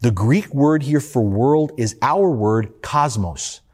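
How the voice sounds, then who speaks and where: Husky, animated male preacher. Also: mid-range voice, takes it slowly. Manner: earnest rhetorical questioning, emphatic repetition. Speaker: pastor. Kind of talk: sermon.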